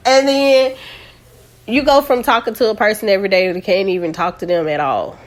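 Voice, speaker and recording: A woman's voice: medium pitch, a little fast. A woman hosting a casual podcast who rambles and corrects herself, joking while holding back tears. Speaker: podcast host.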